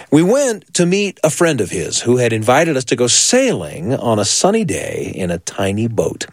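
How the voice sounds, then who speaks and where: A man's voice: on the low side, dry recording, clean studio sound. A man hosting a program, introducing a story and then narrating a reflective memory of his own. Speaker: radio host. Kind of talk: scripted narration.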